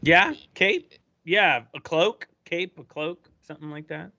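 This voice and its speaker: Slow, very bright-voiced male co-host. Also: a little high, vocal fry, highs cut off. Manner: enthusiastic, trivia-minded. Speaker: podcast co-host. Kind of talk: casual chat about films.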